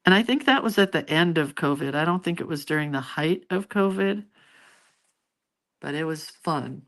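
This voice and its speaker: A woman's voice: sits low, expressive, moderate pace, fairly bright tone. A middle-aged woman hosting a casual live stream, chatting with her viewers and reading out their comments in a rambling, familiar way.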